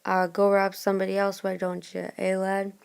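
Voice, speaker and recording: Woman voicing a gruff old drunk pirate. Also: medium pitch, completely flat delivery, moderate pace, darkish tone, natural voice. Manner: demanding, rude.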